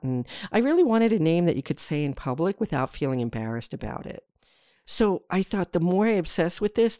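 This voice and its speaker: A woman's voice: deep voice, dry recording. Chatty middle-aged woman telling stories. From New Jersey. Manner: chatty and animated, with playful asides to the listener. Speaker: podcast host. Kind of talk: casual solo storytelling. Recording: dry, slightly dull lo-fi sound.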